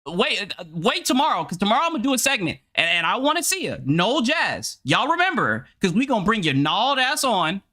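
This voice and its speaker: A man streaming his reaction to a podcast clip, loud and profane, mocking the people he talks about. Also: sits high, very animated, fairly quick, hardly any pauses.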